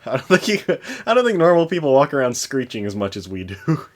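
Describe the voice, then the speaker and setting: A young man chatting on a casual podcast with a lively, bouncing pitch. He teases and jokes, laughing often between lines. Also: quick pace. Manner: animated, teasing, laughs often. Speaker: podcast co-host. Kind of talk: casual chat.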